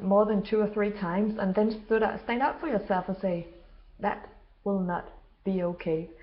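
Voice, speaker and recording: A woman talks straight to the listener in an earnest, unscripted monologue. Her voice sits at an ordinary middle pitch, and she often stops mid-sentence to hunt for the right English word. The sound is a little dull and lo-fi. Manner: earnest, halting, searches for words mid-sentence. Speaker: self-described healer and therapist. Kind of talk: casual spoken monologue. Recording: slightly dull lo-fi recording.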